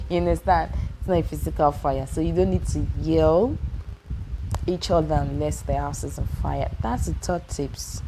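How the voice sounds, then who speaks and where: A woman's voice: fairly low pitch, background noise. A young Nigerian woman with a Nigerian accent giving relationship advice in a casual vlog, repeating her points emphatically and asking if you understand.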